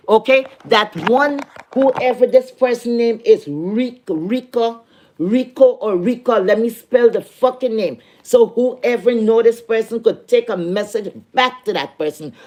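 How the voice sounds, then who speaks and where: A woman's voice: a little high, a little hiss or hum. A woman on a live stream, ranting indignantly, swearing often and restarting her sentences. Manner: indignant, profane, repeats and restarts. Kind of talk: heated live-stream rant.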